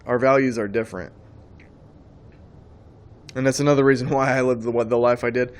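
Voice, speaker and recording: A man preaches in a plain, mid-pitched voice. He talks emphatically and loosely, circling back and repeating phrases as he builds his point. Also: level tone, moderate pace. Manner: emphatic, rambling, repeats words. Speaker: Christian speaker. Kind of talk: preaching monologue.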